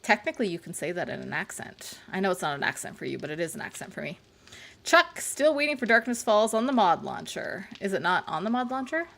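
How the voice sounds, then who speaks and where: A woman's voice: mid-range voice, big pitch swings, fast talker, gravelly, a bit bright. A woman hosting a casual game livestream, chatting with viewers in a playful, sarcastic way and making innuendo jokes. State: burnt mouth. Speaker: livestream gamer host. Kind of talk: casual live-stream chat with viewers.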